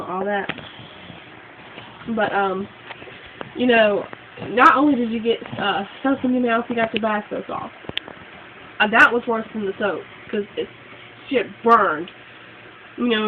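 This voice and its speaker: A young adult woman in a casual vlog rant, blunt and outspoken, rambling with fillers as she swears freely. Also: medium pitch. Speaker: vlogger. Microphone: phone. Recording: tinny phone-like audio, faint hiss.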